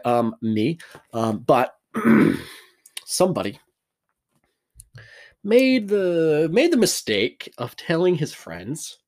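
A man's voice: on the low side, animated, unhurried. A man vlogging from his bedroom in a loose, rambling monologue, swearing freely and cracking self-mocking jokes.

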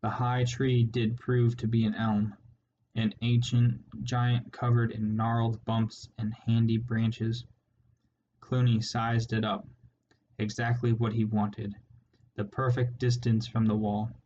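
A man narrating an audiobook in a measured, steady reading, in a slightly muffled recording with faint hiss. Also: lowish voice.

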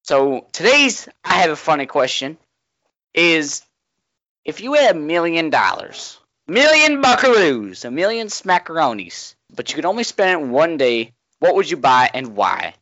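Lively, playful man hosting a podcast. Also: a little high, normal speed. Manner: playful, jokey phrasing. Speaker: host. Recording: dry, dull lo-fi sound.

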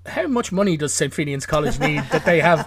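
A man's voice: a little high, expressive, a little fast, noisy background. A man co-hosting a podcast, rambling and wryly incredulous. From Ireland. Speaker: podcast co-host. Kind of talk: casual chat.

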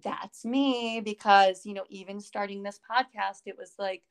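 A woman co-hosting a podcast, talking casually and circling back on herself with lots of "like" and "you know." Her voice has a gravelly, fry-edged texture. Her pitch sits at a mid level for a woman. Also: fairly even intonation, moderate pace. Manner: rambling, many fillers and restarts. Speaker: podcast co-host.

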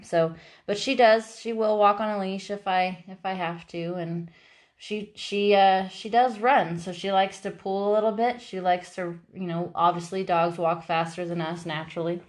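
A woman chatting casually about her dogs, rambling with many restarts, laughing often and jumping high into playful quoted voices. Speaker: dog owner.

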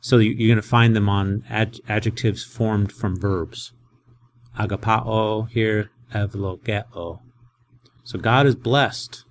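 A lowish-voiced male professor leads a Greek lesson in a chatty, animated way. Soft background noise sits under his voice. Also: unhurried, hardly any pauses. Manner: conversational, animated explaining.

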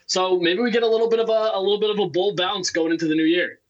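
A man calling into a podcast from a hotel room, talking loudly in a laid-back way. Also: high-pitched, steady tone, fast talker. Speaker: guest. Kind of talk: casual podcast chat. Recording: dull lo-fi remote audio.

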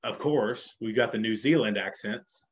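Speaking at a normal speed with a lowish voice, a man co-hosts an easygoing podcast chat. He talks enthusiastically and meanders, restarting often, and the recording has a dull lo-fi quality.

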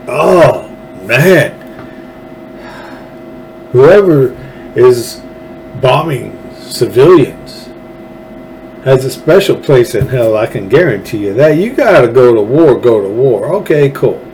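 Texan male host, fervent folksy commentary, slow delivery, faint hiss behind. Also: medium pitch, a little mellow, low-quality recording. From Texas. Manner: folksy, fervent, rambling with restarts. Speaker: show host. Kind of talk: political commentary monologue.

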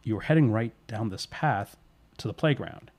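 Guy telling a creepy tale, kinda low voice, laid back, does little voices for the people in it. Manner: relaxed, voices characters' lines in quick asides. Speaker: storyteller. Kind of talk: casual spooky storytelling.

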